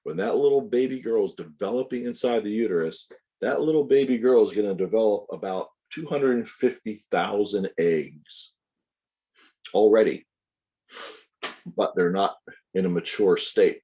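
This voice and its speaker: A man lecturing on anatomy in a deep voice. His tone is dark and mellow. He walks through each point step by step, pausing to correct himself and to add asides for his students. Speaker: anatomy instructor. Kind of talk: recorded lecture.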